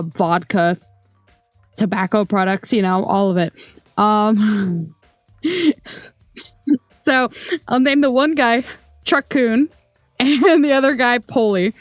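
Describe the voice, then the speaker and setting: A woman's voice: mid-range voice, slow pace, long pauses, dry recording. A young woman casually telling a work story, chatty, with many ums and little laughs. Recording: dry close sound, faint music behind.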